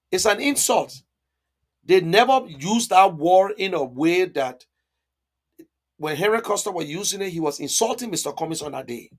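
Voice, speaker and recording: A man hosting a political live stream, answering viewer comments in an emphatic, repetitive and argumentative way. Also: high-pitched.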